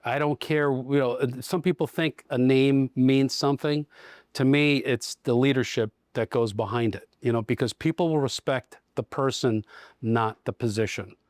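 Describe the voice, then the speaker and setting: A man's voice: medium pitch, moderate pace, a little mellow, dry recording, clean studio sound. A middle-aged man, a dealership general manager, talking casually in a podcast interview and telling stories with acted-out dialogue. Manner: storytelling, acts out quoted dialogue.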